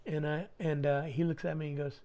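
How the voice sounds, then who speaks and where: A middle-aged man, a podcast guest, telling his life story in casual talk, slangy and animated, acting out the dialogue. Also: on the high side, a little fast.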